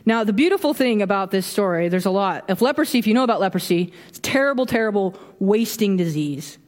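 A woman in her thirties giving a casual, animated sermon, acting out quoted reactions with a bit of humor. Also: medium pitch, fast talker. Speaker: preacher. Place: church sanctuary. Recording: long hall reverb.

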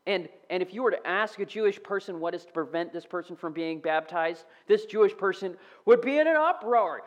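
A man giving a casual, animated sermon, sometimes dropping to a whisper. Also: sits high, normal speed, few pauses, dull audio. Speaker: preacher. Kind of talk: conversational sermon.

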